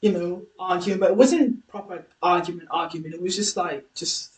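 A woman's voice: fairly low pitch, moderate pace, a little mellow, far from the mic. Young female podcast co-host, candid, chatty, echoey room mic. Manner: candid, laughs often, slips into her friends' voices when quoting. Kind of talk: casual storytelling chat. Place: room with ring light, podcast set.

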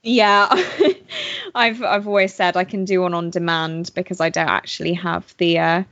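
A woman's voice: fairly low pitch, big pitch swings, measured pace, a bit bright, dry recording, highs cut off. A young woman in casual podcast chat with a neutral English accent, laughing often and poking fun at herself. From Belgium. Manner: chatty, laughs often, self-deprecating. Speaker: podcast co-host.

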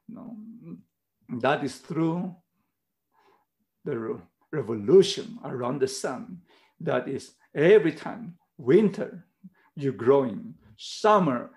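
A man's voice: mid-range voice, a little mellow. A middle-aged man preaching a sermon in earnest, emphatic, simple English, repeating his key words. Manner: non-native English, simple phrasing.

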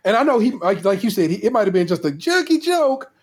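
A man's voice: sits high, very animated, fast, husky. A man co-hosting a podcast, chiming in with slangy, emphatic remarks in casual chat. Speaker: podcast co-host.

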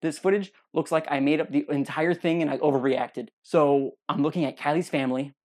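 Young man, podcast storyteller, quick delivery, fairly high voice, animated retelling. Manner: animated, acts out other people's lines. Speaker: podcast host. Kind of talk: comedic personal storytelling.

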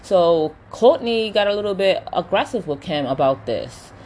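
A woman casually recapping a reality show, opinionated and animated, with lots of fillers. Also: on the low side, normal speed, a little hiss or hum. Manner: chatty, opinionated, animated retelling with quoted voices; many fillers like um and you know. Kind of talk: casual chat.

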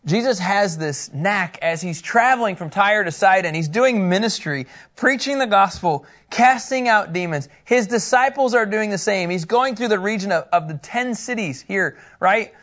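A man teaching scripture to a live group in a casual, playful way, with quick asides and frequent laughter. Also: high-pitched, lively intonation, a bit bright. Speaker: pastor teaching a Bible study.

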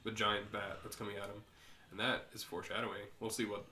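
Male podcast co-host, low voice, relaxed and halting, roomy sound with faint noise. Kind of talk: casual chat, summarizing comic.

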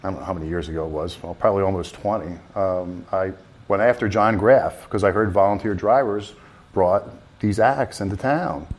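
A man telling a long story in an interview, rambling and animated with many restarts. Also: low voice, normal speed. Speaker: festival volunteer driver.

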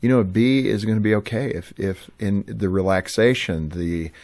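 A man's voice: fairly low pitch, moderate pace, a little mellow, dry recording. A man hosting a parenting podcast, asking follow-up questions and sharing about his own children in a reflective way. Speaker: podcast host. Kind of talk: casual interview chat.

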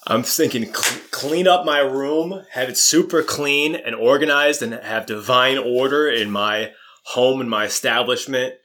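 Unhurried and upbeat, a man talks in a bright, forceful mid-range voice. It's a casual chat where he rambles through affirmations and plans, stopping to correct himself along the way.

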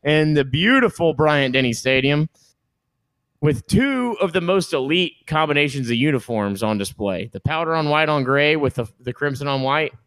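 A man's voice: on the high side, animated, moderate pace, a bit bright, no echo. A man co-hosting a sports podcast, folksy and joking. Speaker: podcast co-host. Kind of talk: casual sports chat.

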